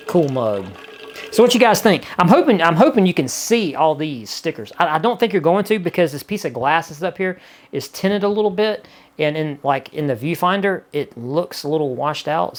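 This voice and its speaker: Man, slightly high voice, folksy rambling vlog chat. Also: expressive, moderate pace. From Gulf Coast of the US. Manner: rambling, folksy, frequent "you know". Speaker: vlogger. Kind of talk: casual chat to camera.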